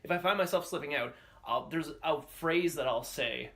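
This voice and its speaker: Co-host, man, young adult, bright tone, laid-back and a little halting. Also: fairly high pitch, vocal fry. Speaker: podcast co-host. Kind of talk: casual podcast chat.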